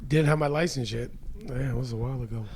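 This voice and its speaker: A man in his thirties, a guest comedian, chatting casually on a podcast with a raspy voice and a laid-back, rambling way of talking. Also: mid-range voice, quick pace, darkish tone, slight background noise.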